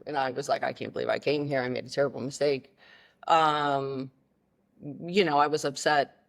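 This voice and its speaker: Woman, thirties, podcast guest, casual storytelling, animated, many fillers. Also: deep voice. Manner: animated, full of fillers and restarts.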